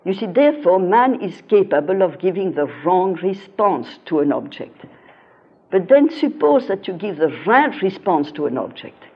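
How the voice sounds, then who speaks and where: A woman's voice: mid-range voice, big pitch swings, moderate pace, husky. An older woman giving a philosophy lecture, telling stories from her teaching and stressing key words with earnest emphasis. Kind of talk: lecture with personal anecdotes. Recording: dull lo-fi recording.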